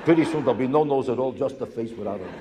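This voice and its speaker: A man's voice: mid-range voice, noisy background. Male stand-up comic, insistent and repetitive, on stage in an echoey hall before a live crowd. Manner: rapid, insistent, rhetorical questions and repetition. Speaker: stand-up comedian. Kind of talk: stand-up comedy routine.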